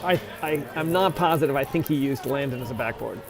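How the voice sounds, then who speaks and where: Music plays behind a fairly quick, mid-range male voice. He's an amateur play-by-play commentator at an ice rink, chattily covering a youth hockey game and repeatedly correcting the names of players.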